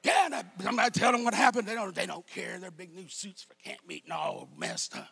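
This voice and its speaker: A male pastor preaching a sermon, shouting and slipping into a sing-song cadence. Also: high voice, animated, fairly quick, gravelly, breathy edge.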